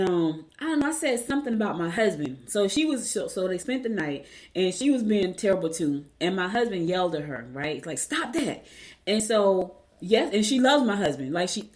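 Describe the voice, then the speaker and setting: An older woman, casually chatting to viewers as a morning show host, telling an animated story and calling them y'all. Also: medium pitch.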